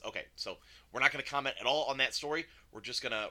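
A man's voice: medium pitch, quick pace, sharp tone. A man teaching a casual recorded Bible lesson, chatty and conversational, with frequent fillers and self-corrections.

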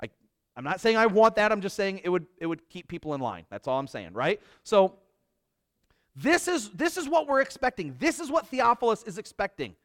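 A man delivering a sermon with a high, very lively voice that swoops up and down. He acts out the people in the stories and drops wry little asides along the way. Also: moderate pace. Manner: animated, acts out quotes, jokey asides. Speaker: preacher.

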